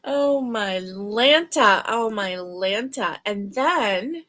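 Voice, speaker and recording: Woman, crochet livestream host, tired and yawning, chatty, unhurried. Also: mid-range voice, expressive. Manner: sleepy, chatty, warm greetings to viewers. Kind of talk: casual livestream chat. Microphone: livestream webcam mic.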